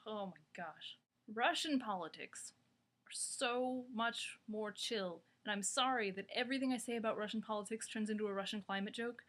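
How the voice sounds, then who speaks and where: A woman's voice: mid-range voice, a bit bright. Young female vlogger, casual and wry, talkative, filler-heavy delivery to camera. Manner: chatty and wry, lots of "like".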